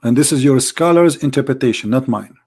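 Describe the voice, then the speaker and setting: Sarcastic hoarse debating man. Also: medium pitch, a little fast, a little mellow. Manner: sarcastic, mocking. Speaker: religious debater. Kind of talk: online commentary video.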